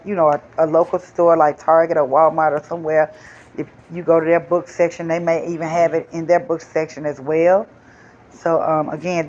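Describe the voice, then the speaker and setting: A woman hosting a storytime, chatting casually to viewers in a relaxed, rambling way, on slightly dull lo-fi audio. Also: low-pitched. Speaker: storytime host.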